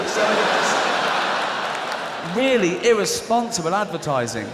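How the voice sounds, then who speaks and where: A man on stage doing stand-up, his fairly high voice sardonic and mock-indignant as he acts out the people in his stories. He speaks into a stage mic in a large hall that gives a long reverb, with clear audience noise in the background. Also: very animated, moderate pace, a loud crowd. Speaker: stand-up comedian. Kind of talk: stand-up comedy routine.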